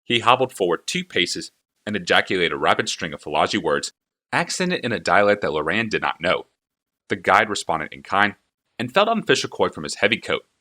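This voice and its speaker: Low voiced guy reading an audiobook, lively storytelling, crisp bright tone. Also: a little fast. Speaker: narrator.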